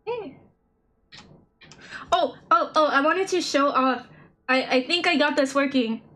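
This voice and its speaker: Young woman game streamer, high and bright, chatty and self-mocking, talking to chat and to herself. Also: a little slow. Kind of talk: casual live-stream chat while gaming. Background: soft lo-fi background music.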